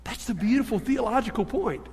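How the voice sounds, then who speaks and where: High-voiced man preaching in a hall. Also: brisk, gravelly, slightly rough. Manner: animated storyteller, shifting between hushed and emphatic. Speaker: pastor. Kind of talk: sermon with storytelling.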